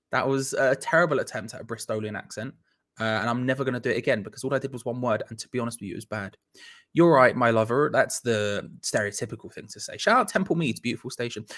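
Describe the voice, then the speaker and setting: A man's voice: medium pitch, a bit bright. A young man from England hosting a live football watch-along, chatting casually as he reads out viewers' messages, rambling and self-mocking with restarts and playful asides.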